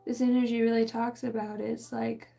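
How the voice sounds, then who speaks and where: Gravelly woman rambling through a channeled reading. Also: a little high, flat delivery, a little fast, warm tone, soft background music. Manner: rambling, emotional, swears freely. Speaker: spiritual channeler.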